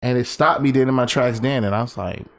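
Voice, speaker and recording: A man in his thirties co-hosting a podcast, telling stories in a rambling, animated way and laughing often. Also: mid-range voice, quick pace, vocal fry. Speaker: podcast co-host. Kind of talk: casual storytelling chat. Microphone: desk microphone.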